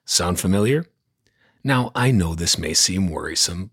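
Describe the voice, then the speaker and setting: A man's voice: deep voice, animated, unhurried, a bit bright, breathy edge. A man hosting a news roundup podcast, reading from a script in a blunt, sarcastic, opinionated way. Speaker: podcast host.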